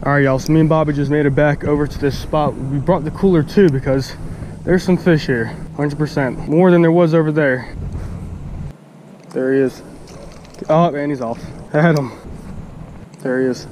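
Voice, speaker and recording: A young man hosting an outdoor fishing vlog, chatty and excited, talking straight to his viewers. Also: a little high, moderate pace, long pauses, slight background noise. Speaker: fishing vlogger. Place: outdoors by a pond.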